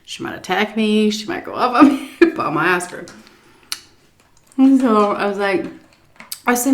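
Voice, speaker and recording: A woman food vlogger telling a story while eating, animated, dropping to muttered asides and swearing casually. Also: medium pitch. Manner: pauses for chewing and stomach noises while talking.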